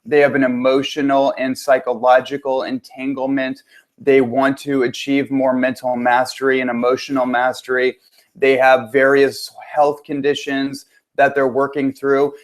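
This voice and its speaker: An upbeat man hosts a live online webinar as a transformation coach. He talks in a mid-pitched voice and keeps greeting his viewers and checking the audio. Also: monotone, moderate pace.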